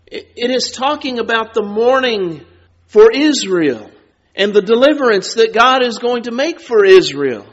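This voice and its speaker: A man preaching a sermon, slow and deliberate, drawing out words for emphasis. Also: high voice, fairly bright tone. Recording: dull sound with long reverb.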